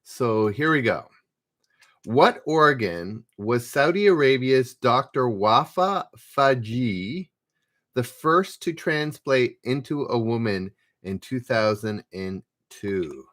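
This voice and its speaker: A laid-back man runs a live trivia stream, reading each question aloud before he chats with viewers. He speaks at a medium pitch and a slow, unhurried pace, his voice swooping up and down a lot. He laughs easily throughout.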